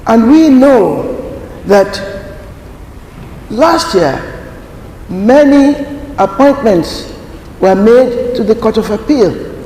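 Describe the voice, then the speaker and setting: A man giving a formal prepared speech at a conference, slow and deliberate, stressing key words. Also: sits high, lively intonation, warm tone, a little hiss or hum. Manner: slow, deliberate, emphatic delivery. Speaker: conference speaker. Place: large conference hall. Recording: echoey hall, faint ambience.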